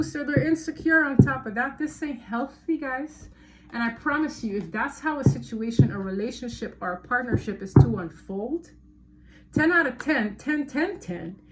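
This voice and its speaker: A woman's voice: sits high, noisy background. A woman giving a casual tarot reading to her viewers, talking emphatically and repeating words for stress. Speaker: tarot reader.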